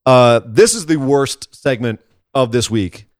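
A man's voice: medium pitch, a little slow, dry recording. Ranting man on a dry mic. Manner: animated, ranting, sarcastic. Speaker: podcast co-host. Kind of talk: casual wrestling commentary chat.

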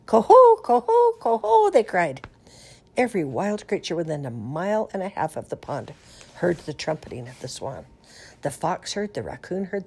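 Audiobook narrator: woman, expressive measured read-aloud, very breathy rasp. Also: lowish voice. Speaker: storyteller. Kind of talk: reading a children's novel aloud.

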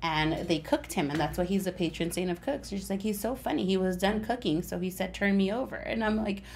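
A woman's voice: lowish voice, brisk, vocal fry, darkish tone. Chatty thirties woman co-host, casual talk, faint hiss behind. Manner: chatty, laughs between phrases. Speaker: podcast co-host. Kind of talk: casual chat.

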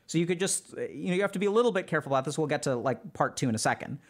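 High-voiced man lecturing casually. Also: animated, rapid-fire, creaky. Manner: loose and conversational, heavy use of "like". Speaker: streamer teaching social skills. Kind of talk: casual spoken lecture to a live chat.

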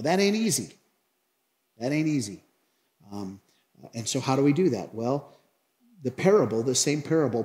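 A man preaching a sermon as pastor, animated and acting out the people in his story. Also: medium pitch. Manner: animated, acts out Bible characters.

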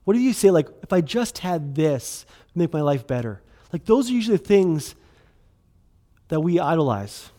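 A middle-aged pastor delivering a sermon as if chatting with friends. His voice sits a little high for a man, and he fills his speech with casual asides, quick bursts and restarts. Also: big pitch swings, warm tone. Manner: conversational, filler-heavy, restarts, quick bursts.

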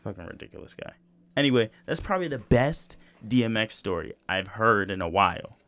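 A man's voice: on the low side, sing-song, fairly quick, a bit bright, no echo. A man hosting a podcast in casual chat, swearing freely and repeating himself as he rambles. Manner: profane, rambling, repeats phrases. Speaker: podcast host.

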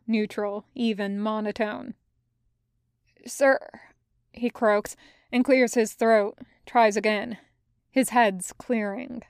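A woman reading a fan fiction story aloud as narrator, in a measured, even way, close to the mic. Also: on the high side, clean tone, dry recording. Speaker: podfic reader.

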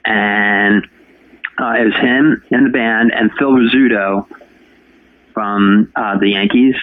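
A man's voice: lowish voice, steady tone, slow pace, dry recording. A man in his forties, a radio host from New Jersey, telling a long story in a chatty way during an interview. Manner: chatty storyteller, talks to anybody. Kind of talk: casual interview. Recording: dry phone-line sound.

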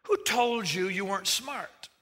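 Pastor, male, bright high voice, animated sermon delivery, big echoing hall. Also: unhurried. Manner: animated, acts out quoted voices, jokey asides. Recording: reverberant hall sound.

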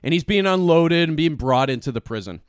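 A young man co-hosting a podcast, excitedly recapping an episode, swearing and laughing often. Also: fairly high pitch, a little fast, clean tone, dry recording, studio quality. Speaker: podcast co-host. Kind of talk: casual chat.

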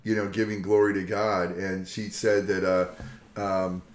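An older man, a pastor co-hosting a casual Bible discussion, telling the stories in a lively folksy way and acting out the quotes. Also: low-pitched, measured pace, a little hiss or hum. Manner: animated storyteller, acts out quotes, folksy. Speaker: pastor and co-host. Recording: echoey room.

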